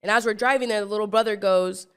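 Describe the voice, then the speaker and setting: A woman's voice: mid-range voice, fast talker, clear, resonant tone. A young woman in her twenties hosting a podcast, telling a wild personal story in a casual, rambling way, full of stumbles, restarts and fillers, acting out what people said. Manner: animated, acts out what people said. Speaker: podcast host.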